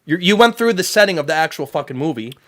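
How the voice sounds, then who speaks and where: A man's voice: fairly high pitch, expressive, fast, a bit bright. A man co-hosting a casual show, reading out stories in a blunt, profane way. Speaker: co-host. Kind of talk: casual podcast banter.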